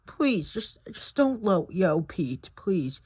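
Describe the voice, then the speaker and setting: A woman's voice: lowish voice, sing-song, slow pace, a little mellow, husky, dry recording, lo-fi sound, voice pushed up, exaggerated voice. A woman voicing a frightened young wife who stammers and begs in a fan-made stop-motion toy drama. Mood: pleading. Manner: stammering, begging.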